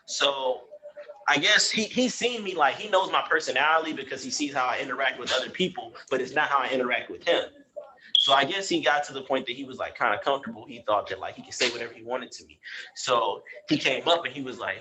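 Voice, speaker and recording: A man's voice: mid-range voice, fast talker, poor audio. A young man telling a story in casual slangy chat, acting out both sides of an argument. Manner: animated, slangy, acts out both sides of a quarrel. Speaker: podcast guest telling a story.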